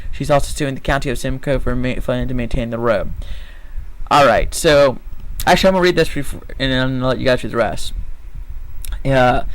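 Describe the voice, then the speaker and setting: A man's voice: medium pitch, a little fast, clear, resonant tone, low-quality recording. A man reading a news story aloud and then ranting about it, angry and profane, stumbling and correcting himself as he goes. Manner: rambling with restarts and self-corrections. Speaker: vlogger.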